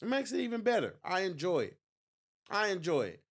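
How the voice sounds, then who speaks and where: A man's voice: high voice, wildly swooping pitch, a little fast. A man hosting a political livestream, talking in a gloating, mocking way and laughing often. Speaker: livestream host. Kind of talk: election night livestream commentary.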